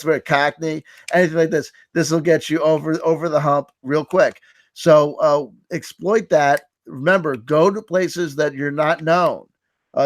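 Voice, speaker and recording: A man's voice: a little high, dry recording. A man hosting a live stream, giving a mock-earnest, sarcastic lecture and often repeating his words. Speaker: host running a mock workshop.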